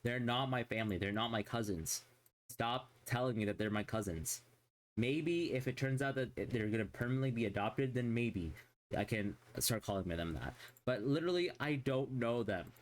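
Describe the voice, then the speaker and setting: A male streamer with a mid-range voice and normal pace rants casually during a livestream. He rambles, swears constantly and sounds exasperated.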